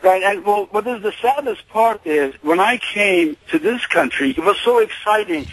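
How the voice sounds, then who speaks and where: A man's voice: high-pitched, lively intonation, normal speed, a bit bright, slightly rough, poor audio. Hesitant middle-aged male radio caller. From Iran. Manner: hesitant, many fillers. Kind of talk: phone-in call to radio show.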